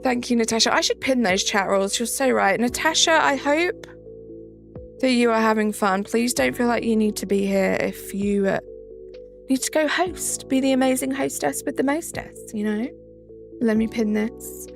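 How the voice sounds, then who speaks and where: A woman's voice: fairly high pitch, moderate pace, creaky, soft background music. A woman with a Southern English accent, hosting a live stream in casual chat, greeting viewers by name and reading the chat aloud. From south of England.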